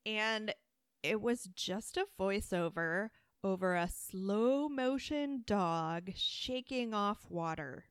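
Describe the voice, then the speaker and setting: A woman co-hosting a casual talk show, telling stories in an animated way and laughing often. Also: medium pitch, slow, clean tone, dry recording, clean studio sound. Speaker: podcast co-host. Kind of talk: casual chat.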